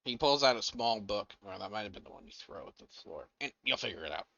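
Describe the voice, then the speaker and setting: A man as game master describing events at a tabletop game in an animated way. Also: lowish voice, fast talker, gravelly, no room sound, lo-fi sound.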